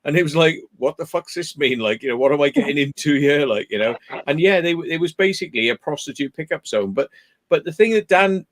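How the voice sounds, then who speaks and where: A man's voice: fairly high pitch, expressive, brisk, fairly bright tone. Sweary man telling stories. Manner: swears often, tells stories. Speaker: live streamer. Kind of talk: casual chat.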